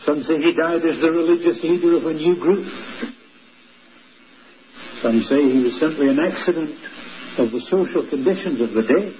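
A male preacher giving a sermon, slow and emphatic, dwelling on repeated words. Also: on the high side. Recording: dull lo-fi recording, faint noise.

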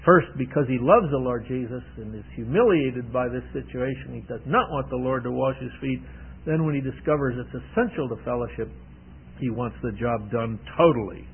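A man preaching a conversational Bible teaching, retelling the scene with warm asides on a tinny radio broadcast. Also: medium pitch, normal speed, husky.

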